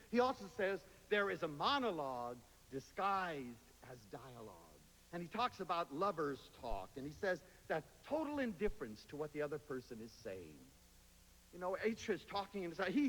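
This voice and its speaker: A man giving a lively lecture to an audience, telling stories and slipping into playful voices when he quotes people. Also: on the high side, moderate pace. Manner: animated storyteller, quotes others in playful voices. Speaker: public speaker. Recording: hall reverb, faint hiss.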